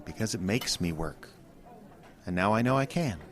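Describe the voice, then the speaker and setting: An actor playing a mild-mannered former high school teacher turned radio writer in a comedic radio drama, self-deprecating and quick to panic. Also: male voice, lively intonation, faint music behind, lightly acted. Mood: easygoing. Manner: self-deprecating, growing frantic when worried.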